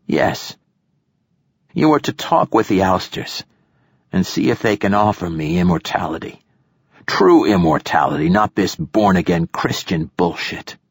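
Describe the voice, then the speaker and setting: A man voicing an ancient, frail male poet who is imperious and profane, with a rasping, snappish delivery. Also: deep voice, lively intonation, a little slow, dry recording, studio quality, full character voice. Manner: snappish and formal.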